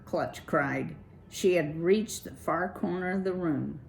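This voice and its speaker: A woman reading a children's chapter book aloud in a measured, expressive way. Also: on the low side, gravelly, a little hiss or hum, poor audio. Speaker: children's story reader.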